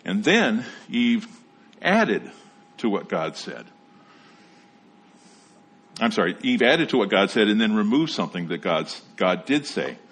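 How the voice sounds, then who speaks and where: A man preaching a sermon, explaining scripture in a measured teaching manner and reading passages aloud. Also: on the low side, very animated, a bit bright, slightly rough. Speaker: pastor.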